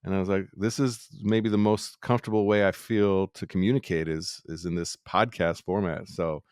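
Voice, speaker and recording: A chef on a podcast musing about himself in a rambling, self-questioning way. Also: male voice, low voice, fairly even intonation, moderate pace, darkish tone, clean tone, dry recording, studio quality. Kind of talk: candid podcast conversation.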